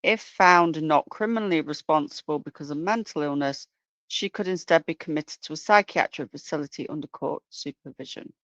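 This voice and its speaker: A co-host in casual chat, explaining calmly and sometimes searching for words. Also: medium pitch, brisk, dry recording. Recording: dull, dry sound.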